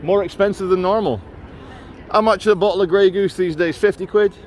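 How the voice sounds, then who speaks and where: A man's voice: high voice, steady tone, brisk, darkish tone. A man gives sardonic, mocking running commentary on a walking street vlog, filming on a handheld camera or phone as he walks outdoors through a city. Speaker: vlogger.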